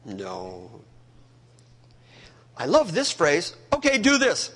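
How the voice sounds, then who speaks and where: A man's voice: on the high side, huge pitch swings, slow pace, pauses often, a bit bright, husky. A male preacher giving a sermon in a church hall, emphatic and conversational, talking straight to the congregation.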